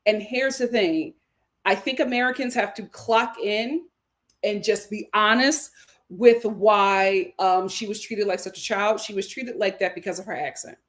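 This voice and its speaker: A woman's voice: medium pitch, measured pace. A woman hosting a livestream, reading viewer comments aloud and reacting to them emphatically, often repeating her own lines for effect. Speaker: show host.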